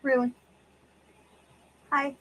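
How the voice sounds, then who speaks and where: A woman's voice: extremely slow, fairly bright tone, rough recording. A woman streamer chatting casually while she crochets at home, talking fondly and teasingly to her cat. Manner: fond, teasing talk to her pet cat. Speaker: crafting streamer.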